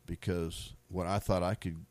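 At a measured pace, a middle-aged man from the US shares faith stories in a low, level, slightly mellow voice. His testimony is casual and wandering, marked by repeated words and frequent laughter.

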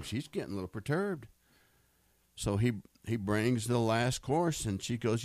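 A middle-aged American man with a low, deep voice tells personal faith stories in a loose, rambling way. He restarts and repeats words and laughs now and then. The sound is dry and close. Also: big pitch swings, moderate pace, darkish tone, no room sound. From United States. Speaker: speaker sharing faith stories. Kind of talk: casual storytelling testimony.

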